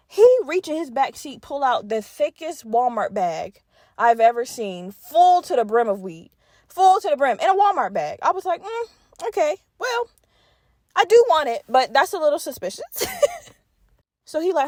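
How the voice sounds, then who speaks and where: Animated young woman podcast host. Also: on the high side, no room sound, studio quality. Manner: animated, profane, acts out both sides of conversations. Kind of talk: casual storytelling monologue.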